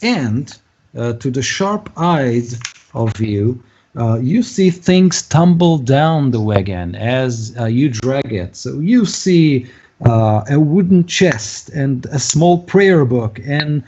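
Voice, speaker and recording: Slow halting man running a tabletop game. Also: medium pitch, animated, darkish tone. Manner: halting, full of uh fillers. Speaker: game master. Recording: dull lo-fi recording.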